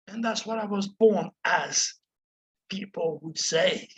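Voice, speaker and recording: A man's voice: high voice, slow pace, low-quality recording. A man speaking as an astrologer to his viewers, in a preachy, impassioned monologue that keeps calling the listener "my friend". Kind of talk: passionate monologue to camera.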